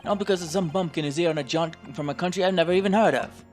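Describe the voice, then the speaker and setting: A man voicing a proud, gruff middle-aged British police inspector in a game let's play, loud and huffy, with a British accent. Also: high-pitched, racing, soft background music, pitched above the performer's own voice, close to an everyday voice. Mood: irritated.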